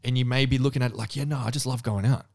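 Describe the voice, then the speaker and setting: A man's voice: medium pitch, fairly even intonation, very fast, gravelly, a little mellow. A man co-hosting a podcast, giving earnest life advice in casual chat and swearing casually. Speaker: podcast co-host.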